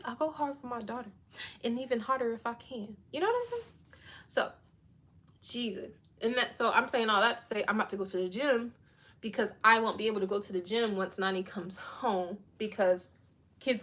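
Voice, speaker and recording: A woman with a high, bright voice tells a story in a casual livestream rant. She is blunt and swears freely, and she acts out every side of the exchange with lively energy. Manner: blunt and profane, animated retelling. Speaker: livestream host.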